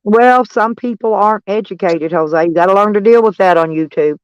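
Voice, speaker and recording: A woman's voice: medium pitch, fairly quick, smooth, no room sound, dull audio. A woman hosting a casual livestream chat from her van, blunt and crude, laughing often. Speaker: livestream host.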